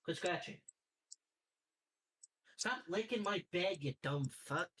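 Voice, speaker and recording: Bright-voiced laid-back gaming buddy, male. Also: high-pitched, expressive, takes it slowly. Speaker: co-player. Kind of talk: casual gameplay chat.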